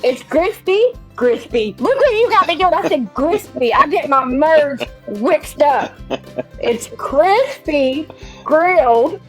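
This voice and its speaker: Woman, Alabama mountain accent, high voice, giggly, casual podcast chat. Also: animated, slow pace, faint music behind. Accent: Southern US, Alabama mountain. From Alabama, USA. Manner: giggly, laughs often, playful. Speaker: podcast co-host.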